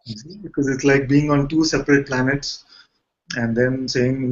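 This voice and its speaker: A man who is a spiritual teacher, explaining calmly in a satsang dialogue and repeating his phrases. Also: normal speed. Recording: dull low-fidelity sound.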